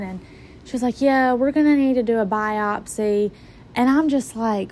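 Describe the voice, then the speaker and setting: A woman's voice: on the high side, normal speed, slight background noise. A woman in her twenties casually retelling a personal story in a conversational way, acting out her own reactions. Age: 20s.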